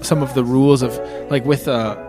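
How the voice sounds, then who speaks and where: A man's voice: medium pitch, fairly even intonation, fairly quick. A man hosts a casual podcast chat. His delivery is wry and amused. Faint music sits underneath. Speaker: podcast host.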